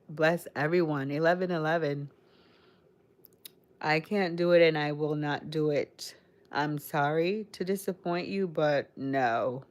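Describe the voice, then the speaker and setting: A woman with a Caribbean accent mixed with American, chatting casually with viewers on a livestream in a rambling way. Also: low voice. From Caribbean, raised in Connecticut. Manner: chatty, rambling, addresses chat directly. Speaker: livestream host. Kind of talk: casual live-stream chat with viewers.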